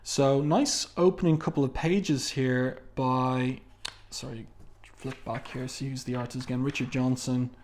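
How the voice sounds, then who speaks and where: A man's voice: mid-range voice, fairly even intonation, a little slow, darkish tone, slight background noise. A man talking casually through a comic book review, reading quotes from the panels aloud, with frequent fillers and asides.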